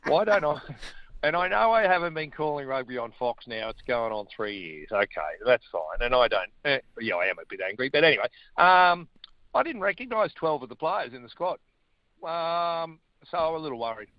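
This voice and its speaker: A middle-aged man with an Australian accent, a guest chatting casually about sport in a blokey, animated way. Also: on the high side, normal speed, dry recording, dull audio. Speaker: guest, former rugby player and radio host.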